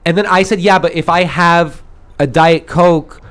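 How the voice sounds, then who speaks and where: A man hosting a podcast, telling a story in an animated, digressive way, swearing freely and recording in a studio. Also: on the high side, unhurried. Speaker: podcast host. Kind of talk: casual storytelling chat.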